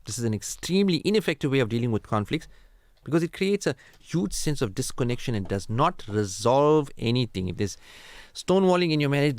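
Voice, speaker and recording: A man hosting a radio marriage counselling talk, animated and preachy, acting out quoted family dialogue. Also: mid-range voice, no echo. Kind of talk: casual radio advice talk.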